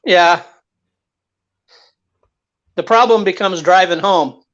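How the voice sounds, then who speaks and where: A man chatting on a live stream, halting and self-deprecating. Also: high-pitched, fairly bright tone, muffled recording. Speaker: guest. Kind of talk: casual live-stream chat.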